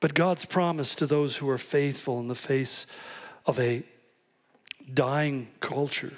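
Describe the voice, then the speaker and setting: A man's voice: mid-range voice, slow pace. A man preaching a sermon, telling stories and acting out quoted voices with animation. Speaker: pastor.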